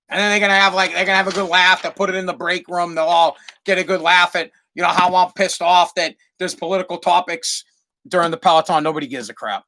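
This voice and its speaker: Bright-voiced man ranting on a podcast. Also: sits high, steady tone, brisk. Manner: rambling, profane, repeats himself. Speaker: podcast host. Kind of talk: solo comedic rant.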